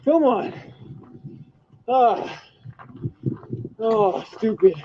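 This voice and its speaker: A frightened man outdoors, frantically yelling and cursing at a wild animal to go away, recorded on a handheld camera. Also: extremely high pitch, animated, extremely slow, a little hiss or hum. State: frightened, heart racing. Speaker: hiker filming a wild animal. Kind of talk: panicked shouting at an animal. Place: outdoors on a trail. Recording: dull lo-fi clip.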